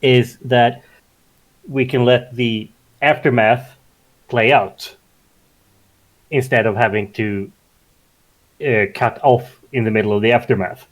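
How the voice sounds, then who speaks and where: A man narrating actions in a tabletop game, halting and full of restarts. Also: mid-range voice, fairly even intonation. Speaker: player narrating his character's actions.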